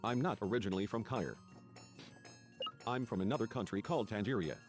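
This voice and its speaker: A man's voice: fairly low pitch, a little fast, music in the background. A man reading game dialogue and narration aloud in a let's play.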